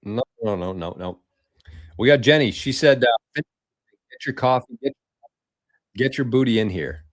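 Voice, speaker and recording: A man hosting a casual livestream, reading viewer comments aloud in a loose, swearing, chatty way with quick laughs. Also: medium pitch, expressive, no echo, studio quality. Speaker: livestream host.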